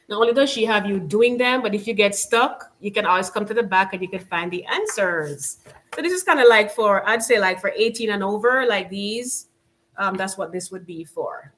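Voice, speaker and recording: A woman from Jamaica with a Jamaican accent, hosting a casual live stream and chatting loosely, with many "you know"s and "like"s. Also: medium pitch. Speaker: channel host.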